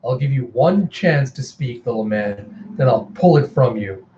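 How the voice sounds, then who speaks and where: A man voicing a commanding ancient vampire matriarch in a comic readthrough, speaking slowly with menacing, mock-tender care. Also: mid-range voice, lively intonation, mellow, lo-fi sound, a little hiss or hum, lightly acted.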